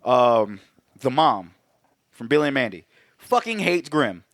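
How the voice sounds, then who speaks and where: A man co-hosting a podcast, recapping a movie in casual, profane chat, laughing and acting out characters in quick bits. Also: mid-range voice, sing-song, creaky, fairly bright tone, dry recording, clean studio sound. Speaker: podcast co-host.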